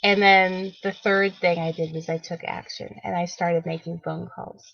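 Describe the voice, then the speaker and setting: A woman hosting a wellness show, telling a personal story in a lively, animated way, acting out what people said and laughing often. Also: fairly low pitch, moderate pace, vocal fry, no echo, dull audio.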